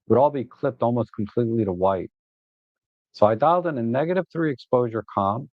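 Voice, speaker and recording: On his photography channel's livestream, a man with a medium-pitched voice talks through his shots in a loose, rambling way, heavy on "uh" and repeated starts. He gets animated and exasperated when griping and laughs at times, and the audio is dry and phone-narrow with no room sound.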